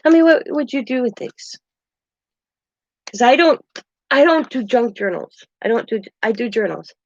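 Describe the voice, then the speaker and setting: The older woman behind a craft channel chats casually from home, drifting from topic to topic and chuckling a lot. Her voice is fairly high and expressive at a moderate pace, with no echo on a dull, dry lo-fi recording.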